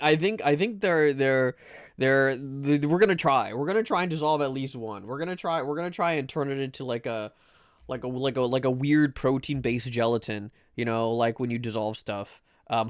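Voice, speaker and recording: A man's voice: mid-range voice, dry recording, clean studio sound. A man chatting casually on a live stream, rambling and playful, often stammering and restarting his sentences.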